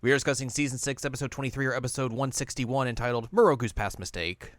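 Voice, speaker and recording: Recorded dry with studio quality, a young podcast host with a medium-pitched voice talks quickly as he recaps an episode. He's animated and performs the characters' lines in goofy voices.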